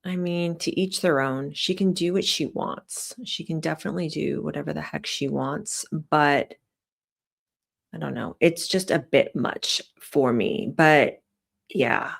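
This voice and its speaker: A woman with a very low voice talks straight to her viewers in a casual vlog. Her commentary is chatty and opinionated, full of fillers. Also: measured pace, gravelly. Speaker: vlogger.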